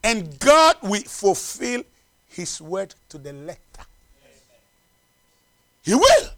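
A male preacher with a high voice that leaps up and down as he builds to loud declarations and then drops to hushed asides. He repeats phrases to drive them home. The sound is dry and close. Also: very animated, slow pace, dry recording. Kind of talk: sermon with closing prayer.

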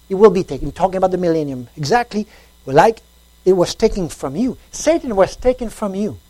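A woman preaching a sermon, telling a story, repeating phrases and swinging between loud emphasis and quiet talk. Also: deep voice, fairly quick, no room sound, low-quality recording.

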